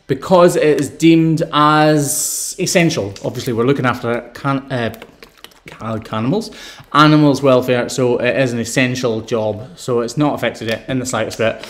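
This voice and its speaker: A man's voice: mid-range voice, normal speed, a bit bright. A Scottish man hosting a live stream, reading out viewer questions and answering them in an upbeat, chatty way. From Scotland.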